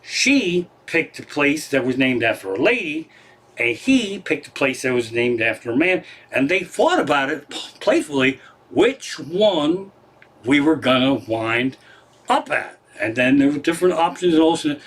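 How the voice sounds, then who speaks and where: A man from Pennsylvania tells a rambling, profane story on his home livestream. His voice sits a little high, and he gets excitable and animated as he swears his way through the retelling. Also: unhurried, husky. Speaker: comedian hosting his livestream show. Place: home living room.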